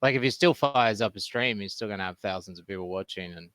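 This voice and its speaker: A man with an Australian accent, a guest on a voice chat, talking hesitantly with many pauses. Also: fairly low pitch, fairly bright tone, no room sound. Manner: hesitant, full of ums and restarts. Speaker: call-in guest. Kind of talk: casual voice-chat debate.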